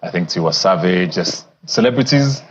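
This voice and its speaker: A man with a low voice asks an interview guest calm, measured questions. The sound is a bit dull, with a faint hiss underneath.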